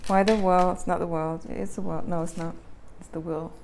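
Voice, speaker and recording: A woman's voice: fairly low pitch, level tone, moderate pace, darkish tone, slight background noise. A woman giving a casual tarot reading, chatty and self-correcting, with frequent laughs. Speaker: tarot reader.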